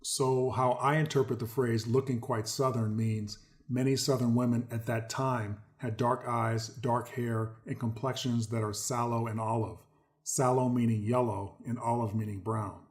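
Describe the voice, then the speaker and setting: A man reads passages aloud and breaks in with his own commentary. His pitch sits in an ordinary middle range for a man. He leans hard on key words, repeats them for weight and keeps calling his viewers folks. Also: steady tone, normal speed. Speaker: host. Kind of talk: commentary reading articles aloud.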